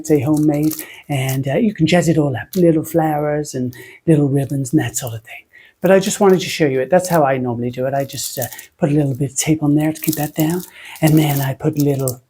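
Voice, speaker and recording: With a mellow, mid-range voice carrying a slight roughness, a soap-making tutor from Britain rambles casually through the lesson. Self-mocking throughout, they adopt a silly put-on voice.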